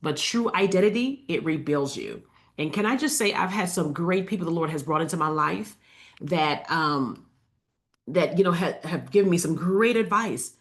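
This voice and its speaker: A woman with a somewhat low voice gives a casual faith coaching talk straight to her viewers. She keeps it conversational, with fillers and asides, and slows down to repeat her key lines. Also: expressive. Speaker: faith-based life coach. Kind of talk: casual inspirational talk to camera.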